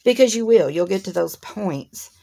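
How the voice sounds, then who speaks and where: A woman's voice: mid-range voice, expressive, normal speed, creaky, warm tone, husky. A woman, hosting a crafting channel and chatting casually through an unboxing to her viewers. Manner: chatty, instructive, addresses viewers directly.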